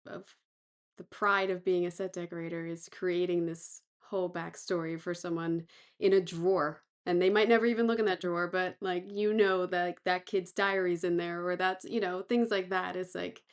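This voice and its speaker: A woman hosting a casual interview podcast who backs up her guests with quick affirmations. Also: fairly low pitch, fairly even intonation. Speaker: podcast host.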